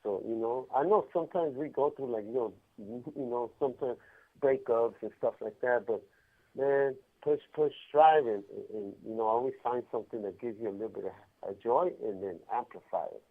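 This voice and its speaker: A man calling in from a prison cell, chatting in an animated, slangy way with frequent laughs. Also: medium pitch, moderate pace. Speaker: incarcerated caller. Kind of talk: casual phone chat. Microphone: phone handset. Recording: tinny prison phone line.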